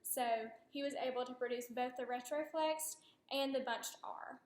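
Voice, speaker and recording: A woman's voice: sits high, steady tone, normal speed. A woman speech therapist giving patient, encouraging instructions in a clinical demonstration. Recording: roomy echo.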